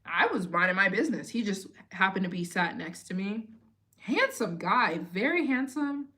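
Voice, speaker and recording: A woman in her late twenties, chatting casually and telling stories in an expressive way as the host of a live Q&A stream. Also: mid-range voice, normal speed. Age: 20s. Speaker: travel vlogger hosting a live Q&A.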